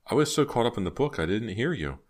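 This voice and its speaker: A man reading aloud voices an eager, polite teenage girl who is quick to apologize. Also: lowish voice, sing-song, voice pushed up. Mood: earnest.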